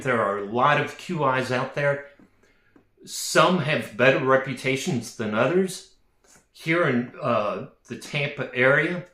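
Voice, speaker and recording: A man who works as a real estate agent explains a topic in a measured, plain-spoken way with frequent fillers. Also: medium pitch, fairly bright tone, reverberant. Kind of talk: explanatory talk to camera.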